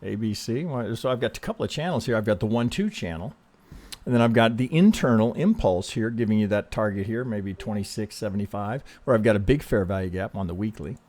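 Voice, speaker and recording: A man hosting casual chart analysis, speaking in a calm, reassuring way, often restarting sentences and checking in with "right?". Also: on the low side, brisk. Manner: conversational, frequent restarts, ends thoughts with "right?". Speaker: trading analyst host.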